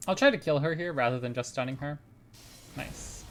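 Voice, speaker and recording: A man's voice: on the high side, moderate pace, slight background noise. A man streaming a card game, chatting casually and thinking aloud about his plays and giving frank opinions into a desk microphone at home. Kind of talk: casual gameplay commentary.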